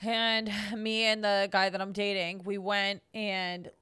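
A woman's voice: medium pitch, slow, smooth. A woman co-hosting a podcast in casual chat, telling stories with lots of laughter and swearing. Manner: animated storyteller who laughs and swears often. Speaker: podcast co-host.

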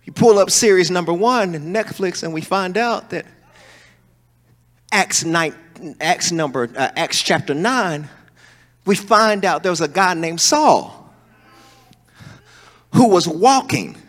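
High, lively preacher in echoing hall. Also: male voice, slow pace, long pauses. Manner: swings between soaring shouts and low asides. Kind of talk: sermon. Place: church hall. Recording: long hall reverb.

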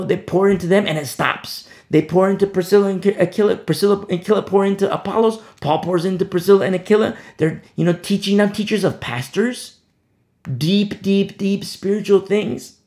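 A man preaching with a gravelly, fairly high voice. He talks with passion, repeats words for emphasis and drops from loud declarations to hushed asides. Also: moderate pace. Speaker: pastor. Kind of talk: expository sermon.

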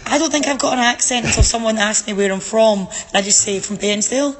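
A woman's voice: fairly high pitch, quick pace, in a large hall. Chatty Scottish woman, outdoor interview. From Scotland. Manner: chatty, with many fillers. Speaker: guest event organizer. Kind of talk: casual interview.

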